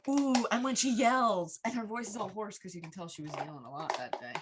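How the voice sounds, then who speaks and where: A woman's voice: medium pitch, fairly quick, crowd noise. A woman co-hosting a podcast in casual, playful chat. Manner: chatty and playful. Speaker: podcast co-host.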